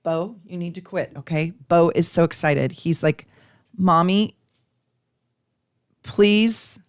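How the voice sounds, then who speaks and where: A woman's voice: low voice, fairly even intonation, moderate pace, a little mellow, no room sound, clean studio sound. A woman astrologer chatting effusively on a live stream, laughing often as she gives chart readings. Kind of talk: live-stream casual chat.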